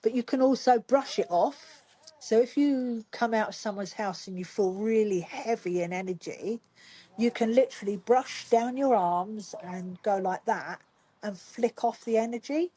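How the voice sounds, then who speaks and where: Mellow husky woman, calm healer. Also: a little high, unhurried. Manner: calm, explanatory, guiding. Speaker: Reiki master teacher guest. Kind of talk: podcast conversation.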